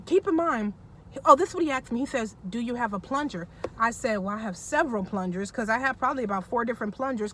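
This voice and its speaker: A woman vlogger chatting her way through a personal story, animated and laughing as she goes. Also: fairly high pitch, slight background noise. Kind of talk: casual storytelling.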